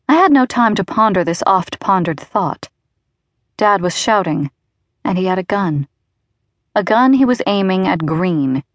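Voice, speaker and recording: Brief: female audiobook narrator, wry and even first-person read, close dry studio sound. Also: medium pitch, no echo. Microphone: close studio mic.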